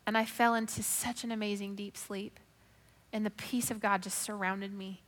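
Bright-voiced woman telling her testimony. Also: mid-range voice, flat delivery, moderate pace, long reverb tail. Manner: emotive storytelling, drops to a hushed whisper then rises loud. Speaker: speaker giving a faith testimony. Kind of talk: personal testimony.

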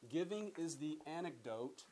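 A man's voice: on the high side, lively intonation, normal speed, warm tone, a little hiss or hum, rough recording. A man teaching a Bible study in a conversational way, often repeating words and putting questions to his listeners. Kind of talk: sermon-style Bible teaching.

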